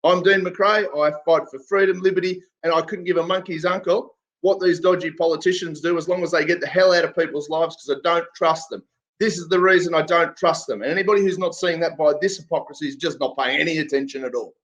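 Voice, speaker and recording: A man's voice: a little high, steady tone, fast, a bit bright. An irate Australian man ranting and swearing in casual talk. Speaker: guest commentator. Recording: muffled lo-fi audio.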